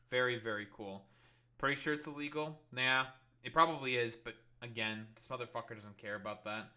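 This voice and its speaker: Sharp-voiced sarcastic young man streaming. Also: mid-range voice, fairly quick. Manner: profane, sarcastic and incredulous. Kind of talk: livestream reaction commentary.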